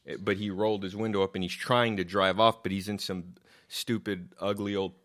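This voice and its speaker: Deep-voiced man telling a story. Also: a little fast. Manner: animated, swears, repeats words when excited. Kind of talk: casual storytelling. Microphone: own microphone.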